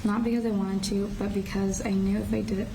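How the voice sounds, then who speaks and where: Flat, gravelly teenage girl in court. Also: mid-range voice. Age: teens. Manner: halting, restarting phrases. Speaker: shooting survivor giving a victim impact statement. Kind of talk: reading a prepared statement aloud. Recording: distant courtroom audio with faint noise.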